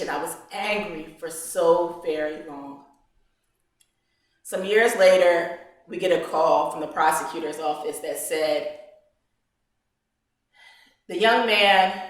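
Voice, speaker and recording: A woman's voice: fairly low pitch, a bit bright. A woman, telling a personal story to a gathering in an earnest, present-tense storytelling way. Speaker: invited speaker. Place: meeting hall. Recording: echoey hall from far off.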